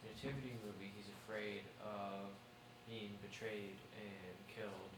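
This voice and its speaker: A man's voice: lowish voice, fairly even intonation, measured pace, echoey room, noisy background. A man taking part in a class discussion, thinking aloud with hesitations. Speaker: class participant.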